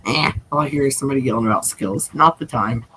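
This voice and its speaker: A woman's voice: very deep voice, bright, forceful tone, slight background noise, low-quality recording. A woman hosting a casual livestream chat from home, rambling, swearing and laughing a lot. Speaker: livestream host. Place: at home, seated.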